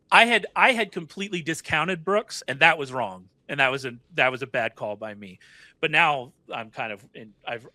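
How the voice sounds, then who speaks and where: A man talking through a fantasy football draft in casual chat, chatty and quick to correct himself. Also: on the high side, sharp tone, no room sound. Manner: chatty, self-correcting, laughs often.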